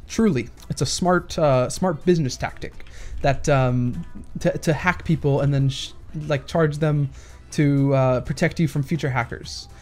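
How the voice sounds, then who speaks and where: A man's voice: fairly high pitch, darkish tone. A man talking casually in a Q&A rant while playing a shooter game, rambling with many restarts and explaining through analogies. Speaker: gaming YouTuber. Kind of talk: casual Q&A rant over gameplay.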